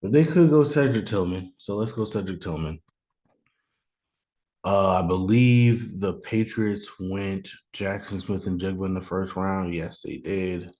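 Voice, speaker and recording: A deep-voiced man hosts a casual solo show from home, thinking aloud as he goes. He rambles and second-guesses himself, then bursts into mock anger. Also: measured pace, warm tone. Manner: thinks aloud, chatty, sudden mock outrage. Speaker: podcast host doing a mock draft. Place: room at home, noise outside.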